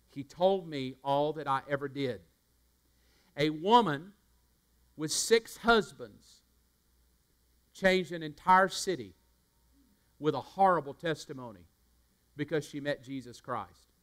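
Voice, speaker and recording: A man's voice: high voice, clean tone. A male pastor preaching a sermon in a church, building fervor and calling on the congregation to respond. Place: church sanctuary.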